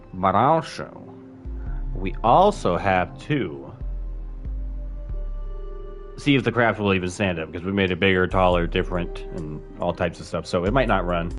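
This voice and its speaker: A male streamer talks through his game in a loose, playful ramble, often speaking to his chat. His pitch swings widely and his pace is unhurried. Soft music plays faintly behind him. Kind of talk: casual live-stream commentary.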